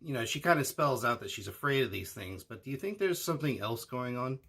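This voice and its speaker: A man's voice: medium pitch, animated, brisk, a bit bright. A man co-hosting an anime discussion, asking his partner questions and hedging with fillers as he talks. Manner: asks questions, hedging with fillers like "uh" and "you know". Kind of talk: casual analytical discussion.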